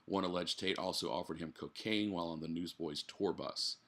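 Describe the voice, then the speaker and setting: A man's voice: sits low, steady tone, fairly quick, sharp tone. A man hosting a podcast from his living room, reading a news article aloud and breaking off for blunt, profane asides while he drinks. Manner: blunt, swears freely, drinks while talking. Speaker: podcast host.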